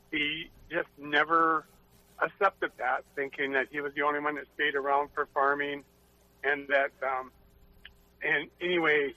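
Middle-aged male caller, bright tone, plain rambling storyteller. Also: on the high side, rough recording. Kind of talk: phone-in call.

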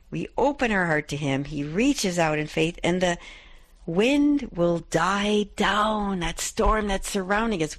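A woman's voice: lowish voice, no room sound. A middle-aged woman hosting a Catholic radio show, reflecting on a gospel passage and rereading its verses aloud. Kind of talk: devotional scripture reflection.

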